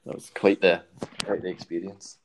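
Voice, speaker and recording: A man's voice: deep voice, level tone, moderate pace, background noise. A Scottish man telling a long, rambling anecdote in casual chat, checking in with "right?" and laughing as he goes.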